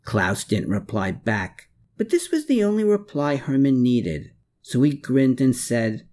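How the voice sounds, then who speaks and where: A man narrating a novel, dropping low and slowing for the dialogue tags. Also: big pitch swings, a little mellow. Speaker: audiobook narrator.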